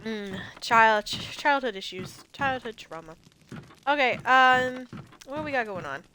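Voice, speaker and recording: A woman's voice: on the high side, expressive, measured pace, pushed and bright, slight background noise. A woman in her twenties giving chatty, joking commentary over gameplay, often exclaiming. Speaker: gameplay streamer. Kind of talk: casual let's play commentary.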